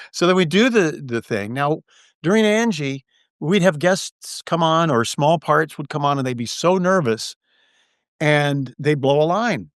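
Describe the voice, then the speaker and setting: An older man, a guest actor, telling relaxed anecdotes in a casual interview over a video call and acting out the lines he quotes. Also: a little high, normal speed, clear, resonant tone, dry recording, studio quality.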